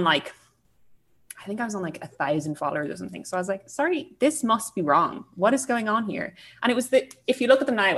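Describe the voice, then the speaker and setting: A young woman in her twenties with an Irish accent, chatting casually as a podcast guest, self-deprecating and full of fillers. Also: fairly low pitch. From Ireland. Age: 20s.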